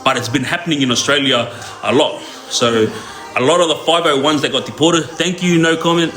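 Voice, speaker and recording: On a live stream, a young man spins casual stories full of loose slang and frequent laughter, talking briskly in a somewhat bright voice on the high side. Faint music plays in the echoey room.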